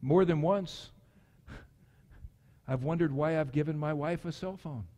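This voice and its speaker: Guy pastor preaching, animated, voice jumps around when he acts stuff out, big echoey hall. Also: on the high side, a little slow. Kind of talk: sermon. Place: church sanctuary. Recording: long church hall reverb.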